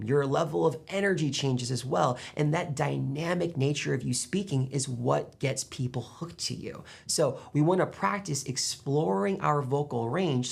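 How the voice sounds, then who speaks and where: A man coaching public speaking to camera, animated as he demonstrates loud and soft delivery. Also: a little high, vocal fry. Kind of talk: instructional talk to camera.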